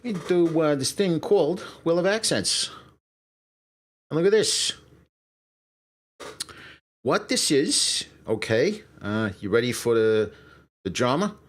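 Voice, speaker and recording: A man's voice: a little high, animated, slow pace, pauses often. A man hosting his own live stream in casual chat, loose and profane as he talks straight to his viewers. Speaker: streamer and show host.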